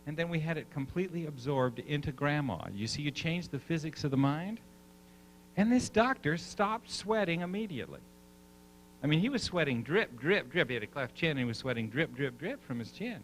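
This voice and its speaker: A man leading a live seminar, an animated storyteller who coaxes the audience with questions. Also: mid-range voice, slight background noise, low-quality recording. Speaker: seminar speaker.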